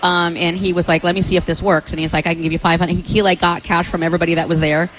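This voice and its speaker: A woman telling a story in a casual chat, animated, often laughing and acting out what others said. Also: on the low side, very fast, slight background noise, rough recording.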